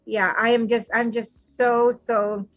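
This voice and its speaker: A woman's voice: on the high side, level tone, slow, fairly bright tone. A woman host of a live online show, effusive and full of praise for her guest. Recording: dry muffled lo-fi audio.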